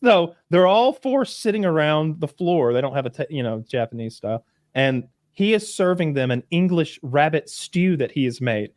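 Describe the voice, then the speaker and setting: A man with a slightly higher voice breathlessly recounts a TV episode, slipping into characters' voices as he goes. The sound is close and dry, with no room around it. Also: normal speed, no echo. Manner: animated storytelling, acts out characters in quoted voices, swears freely. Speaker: podcast co-host. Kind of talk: casual chat recapping a TV show.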